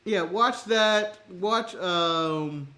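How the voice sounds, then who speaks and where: An American man co-hosting a casual wrestling chat show, animated and laughing often, swearing and acting out other people's lines. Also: high voice, very slow, faint music behind. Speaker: podcast co-host.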